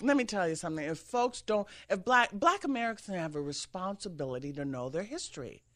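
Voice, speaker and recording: A woman's voice: on the low side, animated, a little fast, a bit bright. A woman hosting a talk show, giving an emphatic political commentary monologue from a studio, often mimicking others mockingly. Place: radio studio with an engineer.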